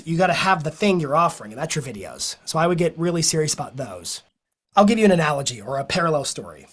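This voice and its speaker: A business coach gives an energetic, persuasive motivational talk to a live audience, telling stories along the way. His voice is a little high.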